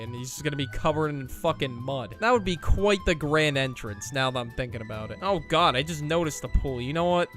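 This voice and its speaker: Young dude roasting videos, swears a lot, kinda high voice, faint music behind. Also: male voice, a bit bright. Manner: sarcastic, profane, mocking. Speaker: reaction video host. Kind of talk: casual commentary.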